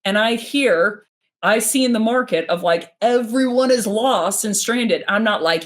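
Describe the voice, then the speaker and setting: A woman in her thirties hosting a live stream, casual and animated, acting out little quoted exchanges as she explains. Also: on the high side, a little slow. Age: 30s. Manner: animated, nerdy, acts out quoted dialogue.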